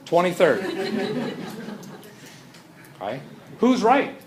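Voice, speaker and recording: A man's voice: medium pitch, animated, moderate pace, background noise. A man teaching a chemistry class in a conversational lecture, often checking in with his students. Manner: conversational, often asks "Right?".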